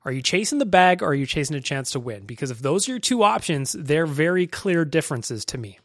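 A man's voice: a little high, very animated, fairly quick, fairly bright tone, dry recording, clean studio sound. A young Canadian man hosting a sports podcast, talking bluntly and swearing freely between ad reads. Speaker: podcast host.

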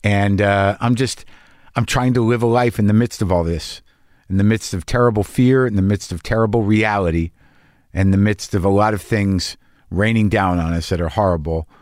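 A middle-aged actor talking in a rambling, earnest way in a casual personal vlog, swearing now and then. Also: male voice, lowish voice, normal speed, a little mellow, no echo, studio quality.

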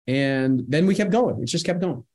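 A middle-aged man giving a motivational coaching talk, energetic and talking in bursts, often adding "right?" to his points. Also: fairly high pitch, normal speed. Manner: energetic, talks in bursts with many "right?" asides. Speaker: real estate investing coach.

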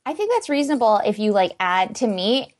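A woman's voice: medium pitch, big pitch swings, brisk. A young adult woman with a North American accent, a writer chatting as a podcast guest in a bubbly, chatty manner. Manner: chatty, bubbly, frequent "like" fillers. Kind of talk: casual chat.

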